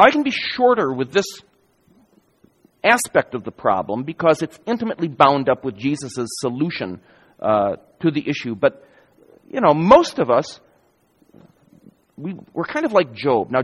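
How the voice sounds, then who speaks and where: Lively preacher in a reverberant hall. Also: male voice, on the high side. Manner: emphatic, varied delivery with pauses. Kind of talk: sermon.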